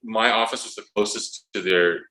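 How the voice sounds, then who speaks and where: A man in his fifties, an author guest telling comic anecdotes with lively acted-out scenes. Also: fairly low pitch, low-quality recording. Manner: comic, acts out scenes in quick voices. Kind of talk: animated storytelling.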